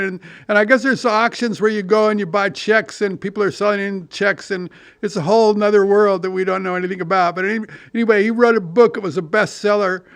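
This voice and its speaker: An older man from California with a high, smooth voice, rambling through stories on his own podcast. He restarts often, swears casually and pokes fun at himself. The sound is close and dry, with no room around it. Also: a bit bright, no echo. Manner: meandering, profane, self-deprecating storytelling with many restarts. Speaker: podcast host. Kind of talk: rambling monologue.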